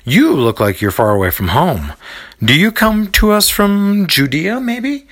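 A man voicing an eager, flattering male market vendor who talks in a wheedling sales pitch. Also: a little slow, full character voice.

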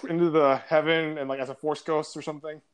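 A man's voice: on the high side, flat delivery, fast, clear, resonant tone. A man chatting casually on a podcast, laughing often as he tells stories. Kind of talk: casual chat.

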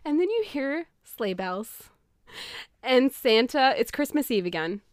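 Young woman podcaster, animated recap, a bit high, dry close sound. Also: measured pace, smooth, no echo. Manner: animated storytelling, laughs often. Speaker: podcast co-host. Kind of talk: casual movie recap.

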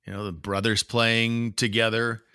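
A man co-hosting a casual sports podcast, laying out news in a measured, informative way. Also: on the low side, little pitch movement, bright, forceful tone, clear, resonant tone, dry recording, studio quality. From Canada. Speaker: podcast co-host.

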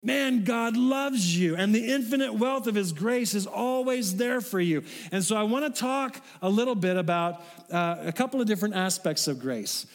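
A pastor preaching casually in a hall. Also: male voice, high voice, lively intonation, moderate pace, few pauses. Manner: conversational, folksy, with asides to the congregation. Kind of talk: sermon. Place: church sanctuary. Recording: long hall reverb.

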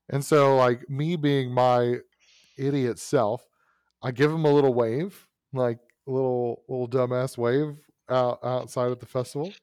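A man's voice: mid-range voice, normal speed, smooth, no echo. Man, storyteller in casual chat, many restarts, dry sound. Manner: animated storyteller, lots of fillers and restarts.

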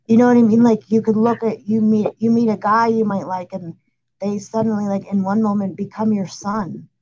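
A woman calmly and confidently explaining spiritual ideas in a casual conversation, speaking with assurance. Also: medium pitch, moderate pace, lo-fi sound, slight background noise. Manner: calm, assured, speaks of light codes. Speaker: spiritual guide.

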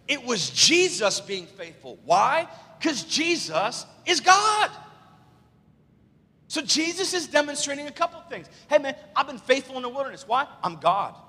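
Excitable high-voiced male preacher in reverb. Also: slightly rough. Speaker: pastor. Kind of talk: sermon. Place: large church sanctuary. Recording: long church hall reverb.

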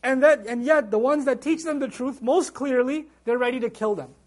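A man's voice: very high-pitched, normal speed. A man teaching a Quran lecture, speaking emphatically and reciting Arabic verses between his English explanation. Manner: emphatic, acts out quoted voices. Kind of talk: religious lecture.

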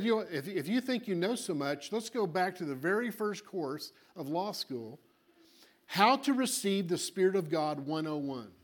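A man preaching a sermon with animated delivery, acting out little voices and swinging between loud and quiet. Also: sits high.

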